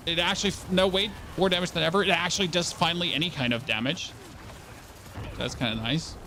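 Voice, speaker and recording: Young guy streaming a game, rambling and stumbling over words, gravelly voice, faint background hiss. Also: a little high, fast talker, pushed and bright. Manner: rambling, stammers and repeats words, asks viewers questions. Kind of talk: casual gameplay commentary.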